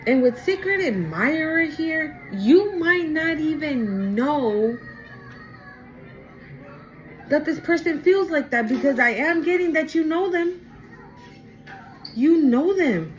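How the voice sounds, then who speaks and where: A woman's voice: high-pitched, lively intonation, a little slow, faint music behind, poor audio. A woman giving a casual spoken tarot reading to her viewers, talking in an emphatic, repetitive way. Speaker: tarot reader.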